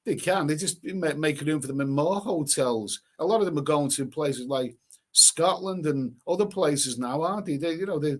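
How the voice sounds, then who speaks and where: A man hosting a livestream, reading out viewer comments in casual, rambling chat full of halting restarts and sarcastic asides. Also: a little high.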